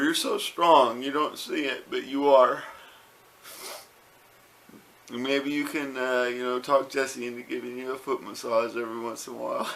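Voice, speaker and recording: A vlogger talks casually to his home camera, rambling with fillers and repeated words. His medium-pitched voice is gravelly and a bit bright, with a little hiss or hum in the recording.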